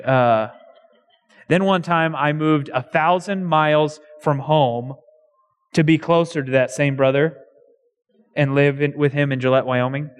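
A young male pastor delivers a sermon with an easy, conversational manner and a bit of self-mocking humor. His voice sits high for a man. The sound carries a long reverb from the church hall around him. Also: fairly even intonation, a little slow, smooth.

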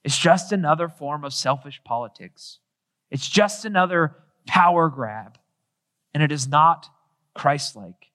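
Man preaching earnest sermon, high voice, long reverb, rhetorical questions. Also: expressive, unhurried, bright, forceful tone. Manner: earnest, rhetorical questions, acts out quoted dialogue.

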